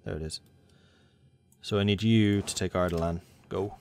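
A man's voice: low voice, fairly even intonation, moderate pace, gravelly, a little mellow. A man commentating a strategy game, thinking aloud and talking to the game's factions as he plays. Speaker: gaming channel host.

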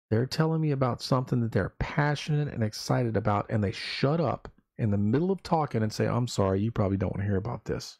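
A man's voice: lowish voice, gravelly, darkish tone, dry recording. A man hosting a casual live stream, talking in an emphatic, fired-up rant.

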